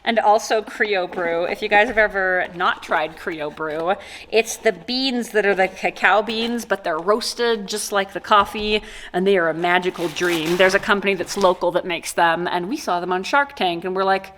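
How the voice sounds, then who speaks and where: A woman's voice: mid-range voice, normal speed, fairly bright tone, slight background noise. A woman chatting casually in an unboxing vlog, bubbly and giggly, rambling with lots of "like"s. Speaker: corset maker and vlogger.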